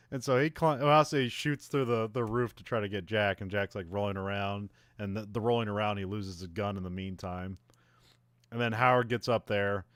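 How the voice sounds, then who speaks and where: Male podcast host, fairly low voice, loose rambling film recap with lots of "like" and "you know", dry close sound. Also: fairly even intonation, moderate pace, fairly bright tone, no room sound. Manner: rambling, many fillers and restarts, laughs at the plot.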